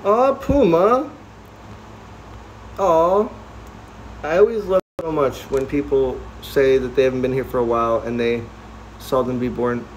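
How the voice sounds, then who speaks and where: A man's voice: steady tone, a little fast, a little hiss or hum, rough recording. A young man chatting casually on a livestream from his newly moved-into house. He rambles, restarts and corrects himself. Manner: coos to his cats in a high soft voice.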